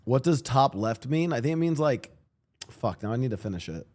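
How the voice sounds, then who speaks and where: A man's voice: medium pitch, lively intonation, fairly quick, darkish tone. A young man hosting a casual reaction stream, rambling and swearing with frequent restarts, on a streaming mic at home. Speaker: streamer and podcast host.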